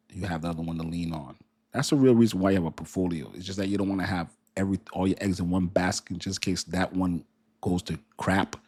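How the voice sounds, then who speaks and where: A man's voice: low-pitched, a little mellow, slightly rough, dry recording. A man from Haiti with a Haitian accent, hosting a casual crypto livestream and chatting with viewers in a rambling way, often repeating words.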